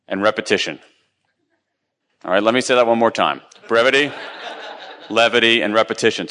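A man's voice: on the low side, pushed and bright, big-room sound. A middle-aged man giving a chatty, self-deprecating live conference talk, with many ums and restarts. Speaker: conference speaker.

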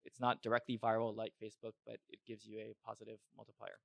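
A man's voice: on the low side, monotone, quick pace, creaky, no echo. A man on a conference panel, explaining things in a matter-of-fact way.

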